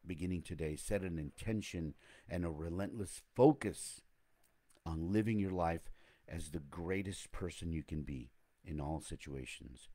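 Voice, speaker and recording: A man's voice: extremely low pitch, mellow, husky. A man hosting a casual motivational talk, rambling and reflective, often correcting himself mid-sentence.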